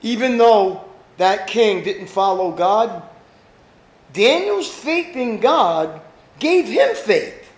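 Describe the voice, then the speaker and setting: Pastor guy preaching, real high voice that jumps all over, echoey room. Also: takes it slowly. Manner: animated preaching, rhetorical questions to the congregation. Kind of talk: sermon.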